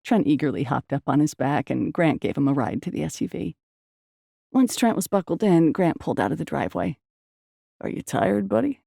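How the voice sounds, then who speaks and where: A woman reading a romance novel aloud in an even, measured storytelling manner. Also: low-pitched, creaky, dry recording, studio quality. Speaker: audiobook narrator. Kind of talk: scripted narration.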